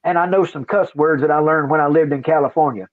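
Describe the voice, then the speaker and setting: Speaking fast in a fairly high voice, this older livestream host rambles folksily through casual chat, going back over the same points. The sound is dry and tinny, like a phone line.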